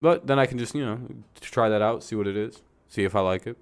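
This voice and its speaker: A man's voice: on the low side, fast, clear, resonant tone. A man hosting a live stream, giving laid-back, profane commentary as he calls the downs and time left. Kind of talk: casual watch-along commentary.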